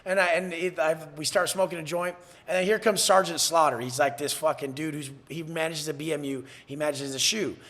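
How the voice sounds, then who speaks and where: Talking a little fast in a steady, somewhat bright, higher voice, a San Diego man recounts his life bluntly on a podcast. In this candid storytelling interview he swears freely and mimics the voices of other people.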